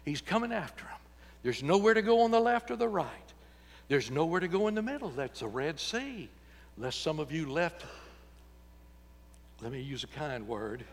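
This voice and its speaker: A man's voice: a little high, big pitch swings, moderate pace, long pauses, big-room sound. A man preaching a sermon in a church, folksy and joking, acting out voices when he quotes people. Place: church sanctuary.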